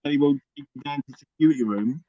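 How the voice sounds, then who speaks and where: A man's voice: fairly high pitch, fast talker, dark tone, no echo, lo-fi sound. A man chatting casually, mostly giving brief replies as he listens. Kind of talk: casual chat.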